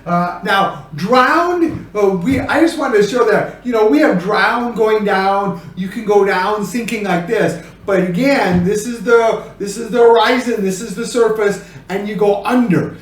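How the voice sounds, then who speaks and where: Animated man teaching, echoey room. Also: high-pitched, a little slow, few pauses, recorded from a distance. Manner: animated, acts out examples with sudden loud bursts. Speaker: sign language teacher. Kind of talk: casual teaching talk.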